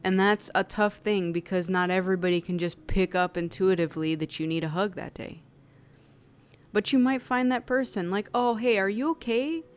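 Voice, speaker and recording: A woman's voice: on the low side, moderate pace, clean tone. A woman giving an intuitive tarot reading in a casual, conversational way, filling her talk with "like" and acting out quoted people. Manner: conversational, chatty with many "like" fillers; acts out quoted people in lively voices. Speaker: tarot reader.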